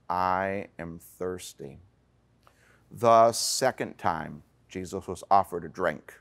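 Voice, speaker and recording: A man pastor preaching a sermon in an earnest way, with slow dramatic pauses and some fillers. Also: lowish voice.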